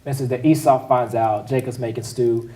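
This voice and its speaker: A man's voice: mid-range voice, fairly even intonation, normal speed, warm tone, distant mic. A man preaching a conversational sermon as pastor, speaking casually and making joking asides to the congregation. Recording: echoey hall, voice picked up from afar.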